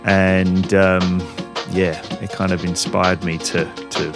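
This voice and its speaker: Deep, gravelly man in a casual studio demo. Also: slow. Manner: relaxed, rambling, with many ums. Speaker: music producer and channel host. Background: music samples playing.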